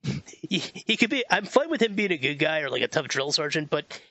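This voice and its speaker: In a casual movie review chat, a podcast co-host rambles about a film, stumbles over names and laughs a lot. His fairly high voice is sing-song, brisk and sharp, recorded with no echo but with the highs cut off.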